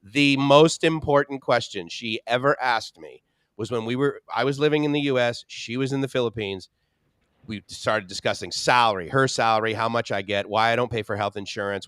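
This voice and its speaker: A man's voice: lowish voice, fairly bright tone, clean tone, no room sound, studio quality. A man co-hosting a live stream, telling a personal story in casual chat, emphatic and piling up repeated phrases and lists.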